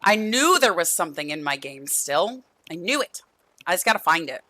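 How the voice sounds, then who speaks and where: A woman's voice: fairly low pitch, sing-song, normal speed, sharp tone, no echo. A young woman streaming a life-sim game, chatting affectionately with viewers and her characters, losing her voice. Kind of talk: casual gameplay stream chat.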